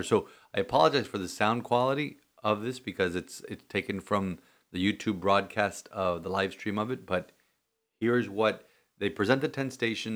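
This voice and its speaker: A man, a Catholic priest, chatting earnestly on a podcast, rambling with many restarts. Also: on the low side. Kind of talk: casual podcast chat.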